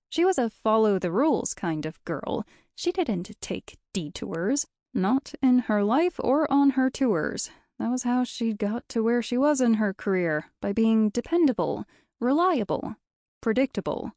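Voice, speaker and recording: A woman giving scripted, measured audiobook narration of a story. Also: fairly high pitch, sing-song, mellow, dry recording, studio quality.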